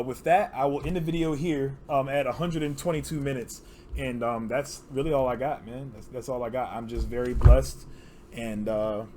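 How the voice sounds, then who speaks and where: A man's voice: medium pitch, darkish tone, a little hiss or hum. Teary, rambling young man on camera. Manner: rambling, heartfelt, many fillers. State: teary, emotional. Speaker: card game player and channel host. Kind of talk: casual to-camera vlog.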